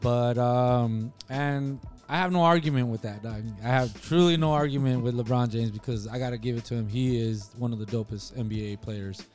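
A man's voice: medium pitch, normal speed, hardly any pauses, darkish tone, faint music behind. A man hosting a casual sports chat show, talking in a slangy, laid-back way and laughing often. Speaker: show host.

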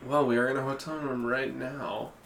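A man's voice: mid-range voice, level tone, normal speed, vocal fry, slight background noise. A young man co-hosting a podcast from a hotel room, trading crude jokes and laughing a lot. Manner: laughs often, loud and rowdy. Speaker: podcast co-host. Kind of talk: crude joking banter.

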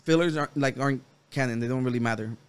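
A man's voice: mid-range voice, fast talker, clear, resonant tone. A man in a casual podcast chat, arguing his point insistently. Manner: argumentative, insistent. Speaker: podcast co-host.

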